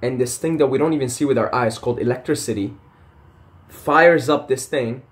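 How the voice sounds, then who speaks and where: A man's voice: mid-range voice, moderate pace. A young man talking casually to camera in a passionate, rambling rant full of swearing and tangents. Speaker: vlogger.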